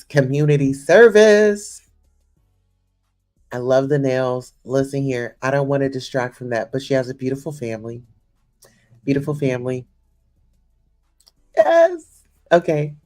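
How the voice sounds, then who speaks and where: A woman's voice: extremely low pitch, darkish tone. A young woman hosting a casual livestream chat, effusive and gushing, full of "you know" and "listen here.". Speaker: host.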